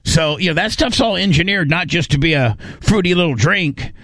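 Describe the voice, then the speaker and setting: A man's voice: fairly high pitch, animated, moderate pace, fairly bright tone, dry recording. A man hosting a talk radio show, chatting loosely with many fillers and jokes. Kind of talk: casual talk radio banter.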